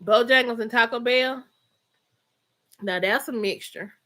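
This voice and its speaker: Bright-voiced Southern woman chatting. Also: fairly high pitch, unhurried. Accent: Southern US, Georgia. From Georgia, US. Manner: chatty, laughs often, Southern slang. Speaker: livestream host. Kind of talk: casual chat reading live comments.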